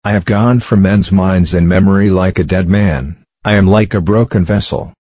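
A man reading psalms aloud in a steady, measured recited cadence. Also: deep voice, dry recording. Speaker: scripture reader. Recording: dull, lo-fi dry recording.

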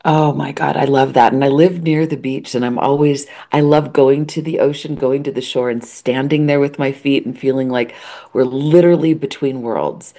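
An American woman with a strikingly deep, dark, mellow voice co-hosts a spiritual podcast. She speaks earnestly and with heartfelt warmth, lingering on words as she reads listener letters aloud. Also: fairly even intonation, normal speed. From United States. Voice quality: warm, heartfelt, teary at times. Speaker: podcast co-host. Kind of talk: emotional casual chat.

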